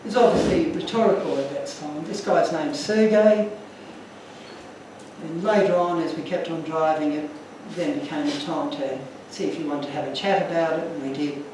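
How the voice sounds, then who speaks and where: A man's voice: a little high, fairly even intonation, normal speed, a little mellow, very echoey, recorded from a distance, slight background noise, poor audio. A man giving an earnest, emotional talk to an audience, telling stories from his slides. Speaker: guest speaker.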